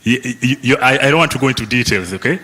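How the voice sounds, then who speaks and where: A man's voice: medium pitch, animated, quick pace, bright, forceful tone, husky. A man facilitating a youth summit session, teasing the audience and tagging questions with "eh?" and "okay?". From Kenya. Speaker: workshop facilitator. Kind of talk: lively audience interaction at a summit. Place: conference hall.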